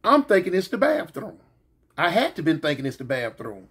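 A man's voice: fairly high pitch, wildly swooping pitch, moderate pace, fairly bright tone, slightly rough. A man telling a comedic story casually, drawling and repeating lines for effect as he talks straight to his listeners.

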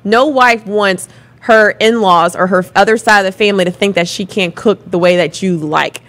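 A woman co-hosting a sports morning show, talking in lively, emphatic bursts and often repeating her words. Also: mid-range voice, normal speed. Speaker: co-host.

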